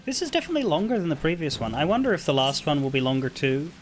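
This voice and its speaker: A man's voice: on the high side, sing-song, very fast, slight background noise. A man streaming a video game, thinking aloud in chatty commentary and swearing freely. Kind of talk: casual gameplay commentary.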